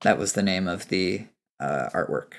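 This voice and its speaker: A man's voice: sits low, moderate pace. A young man narrating a tabletop game as game master, rambling with many fillers.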